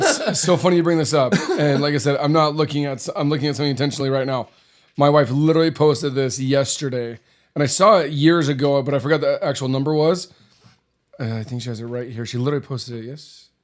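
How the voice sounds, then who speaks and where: A man's voice: mid-range voice, fairly quick. A man hosting a casual podcast, rambling and restarting his sentences, often repeating words. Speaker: podcast host.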